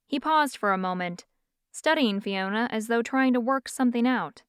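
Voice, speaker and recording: A woman reading an audiobook as narrator in an even, smooth storytelling manner. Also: fairly high pitch, moderate pace, no echo, studio quality. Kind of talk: scripted narration.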